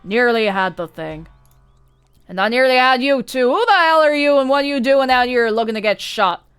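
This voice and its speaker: A woman doing a gruff old backwoods hunter in a story game, talking in a blunt, folksy drawl, his voice a touch lower than hers. Faint music plays behind him. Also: brisk, lightly acted. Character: gruff older male mountain hunter.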